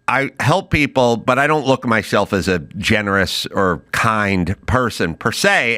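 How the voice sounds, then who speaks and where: A man's voice: mid-range voice, bright, forceful tone, no echo. Dry, offhand male podcast host. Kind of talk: casual podcast conversation.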